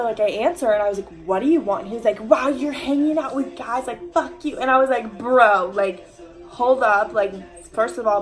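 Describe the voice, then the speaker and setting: A young woman talking straight to camera in a casual storytime, rambling and heavy on fillers and swearing. She acts out what other people said as she goes. Her voice sits at a middling pitch over faint background music. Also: rough recording. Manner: chatty, full of "like" fillers and swearing, acting out quoted lines. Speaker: vlogger telling a story.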